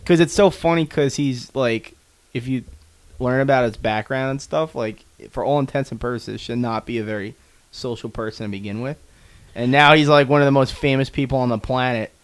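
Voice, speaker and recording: A man's voice: medium pitch, fairly quick, smooth. A young man co-hosting a casual podcast chat, telling stories animatedly, swearing freely and acting out quotes. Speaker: podcast co-host.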